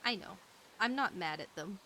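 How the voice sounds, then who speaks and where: A woman's voice: mid-range voice, expressive, moderate pace, bright, forceful tone, slight background noise. Tired, wry woman in roleplay chat. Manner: wry, blunt, swears casually. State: tired late at night. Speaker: roleplay streamer. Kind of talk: casual in-character roleplay chat.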